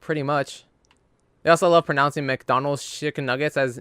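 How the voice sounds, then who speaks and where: A man with a bright, crisp voice, recorded dry and close. He talks bluntly and swears freely, and his voice climbs when he gets worked up. This is casual chat between friends. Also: on the high side, steady tone, normal speed, no echo. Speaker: podcast co-host.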